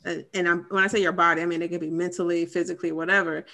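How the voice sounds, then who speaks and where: A woman in her thirties tells a personal story on a podcast. Her voice is bright and forward, and she talks in a loose, candid way with plenty of fillers. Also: lowish voice, flat delivery, rapid-fire, gravelly. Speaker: podcast co-host. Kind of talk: casual chat, personal story.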